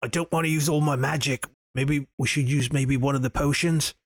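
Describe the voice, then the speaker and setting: A man playing a cleric in a tabletop game, talking quickly and urgently. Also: mid-range voice, steady tone, no room sound, clean studio sound. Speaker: player. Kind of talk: casual tabletop play.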